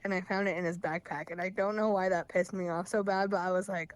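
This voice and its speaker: A young woman calling in to tell a personal story in a candid, rambling way, with quick laughs between phrases. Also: lowish voice, fairly even intonation, no echo. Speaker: caller sharing her story.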